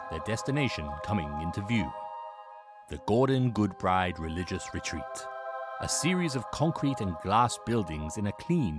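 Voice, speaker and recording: A man narrating a fantasy audio drama in a steady, descriptive way. His voice is lowish but lively in pitch, with clear music underneath. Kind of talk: scripted narration.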